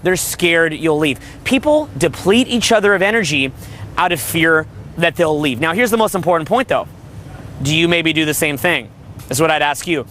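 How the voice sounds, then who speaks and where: A man's voice: a little high, lively intonation, moderate pace, fairly bright tone, a little hiss or hum. A man coaching on dating in a brash, crude monologue, riffing and mimicking other people. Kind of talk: motivational monologue.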